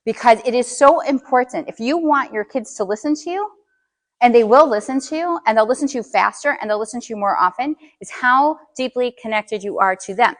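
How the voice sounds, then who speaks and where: A woman's voice: on the high side, lively intonation, brisk. Woman leading a parenting workshop. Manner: engages the audience with questions, frequent "okay?". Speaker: parent coach giving a workshop. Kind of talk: live parenting workshop talk.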